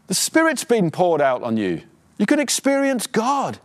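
A man preaching a sermon as pastor, exhorting his listeners fervently, his voice climbing in pitch as he urges them on. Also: huge pitch swings. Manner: quieter, halting prayer. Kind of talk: sermon with closing prayer.

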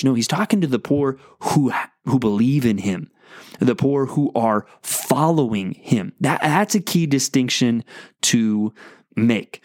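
A man's voice: mid-range voice, animated, unhurried, a little mellow, no room sound, clean studio sound. A man preaching a sermon in an earnest, exhorting way, often restarting his phrases. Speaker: pastor.

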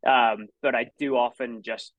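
A man's voice: medium pitch, steady tone, unhurried, no echo, rough recording. Scottish man telling stories, restarting often. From Scotland. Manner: rambling with many restarts and fillers. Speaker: guest, former college runner. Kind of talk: casual interview conversation.

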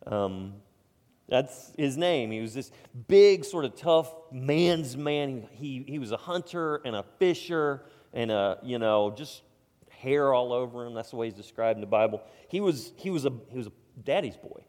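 A middle-aged male pastor preaching in a loose, conversational way, tripping over his words and starting again. He drops to soft asides and then swells into loud, emphatic bursts. His voice has an ordinary middle pitch and carries a long reverb from a large church hall. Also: expressive, moderate pace. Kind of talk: sermon.

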